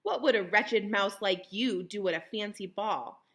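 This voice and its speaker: A woman's voice: mid-range voice, a little slow, a bit bright. A woman voicing two vain, cruel stepsisters who sneer and taunt.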